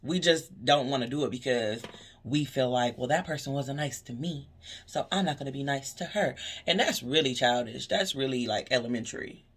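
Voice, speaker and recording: A woman who works as a cashier, talking in a casual vlog, telling animated stories about customers and preaching positivity. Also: rumbling low, normal speed, breathy edge. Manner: animated storytelling, acting out customer exchanges.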